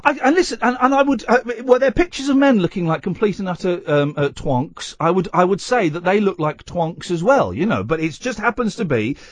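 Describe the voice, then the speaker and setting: A man hosting a late-night radio phone-in, talking into a studio mic in a dry, close sound. His voice sits high for a man and swings widely up and down as he rambles, jokes and trips over his own words. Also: lively intonation, a little fast, hardly any pauses, no echo. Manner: rambling, self-correcting and playful. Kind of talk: casual radio talk. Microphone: studio microphone.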